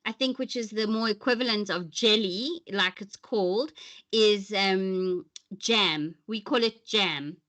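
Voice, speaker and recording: A South African woman hosting a casual livestream chat, talkative and quick to laugh. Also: mid-range voice, a bit bright. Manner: chatty, laughs often. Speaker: host. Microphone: webcam close to the face.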